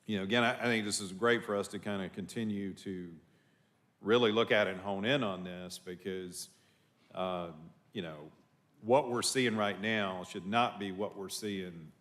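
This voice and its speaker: A man speaking as a county commissioner at a public board meeting, halting with many fillers and restarts. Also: sits low, fairly bright tone.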